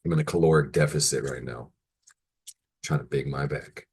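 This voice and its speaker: A man's voice: extremely low pitch, steady tone, normal speed, darkish tone, breathy edge. A young man talking to the camera in a casual mukbang vlog, rambling and joking between bites. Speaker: vlogger. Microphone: camera in front of him, like a video call.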